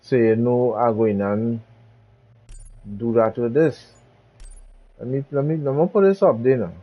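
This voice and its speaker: A man's voice: medium pitch, a little slow, narrow, tinny audio. A man hosting a gaming channel, giving laid-back commentary while he drives, muttering and repeating himself. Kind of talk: casual gameplay commentary.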